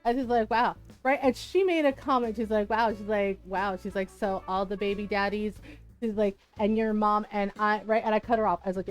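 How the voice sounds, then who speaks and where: A woman streamer chatting casually while playing a game, frank and quick to laugh, swearing freely and acting out the people in her stories. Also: medium pitch, soft background music. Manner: frank, swears freely, laughs often, retells dialogue animatedly. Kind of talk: casual chat while gaming.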